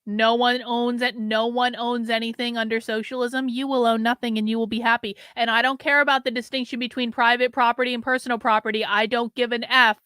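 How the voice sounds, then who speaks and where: A woman hosting a livestream, talking back to her chat with a sarcastic edge and many quick restarts. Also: fairly high pitch, level tone, a bit bright, clear, resonant tone, no echo. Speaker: show host. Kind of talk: livestream commentary.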